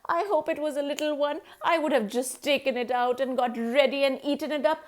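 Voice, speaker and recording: Woman voicing a quick-talking old farmer. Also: sits high, steady tone, natural voice. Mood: wishful.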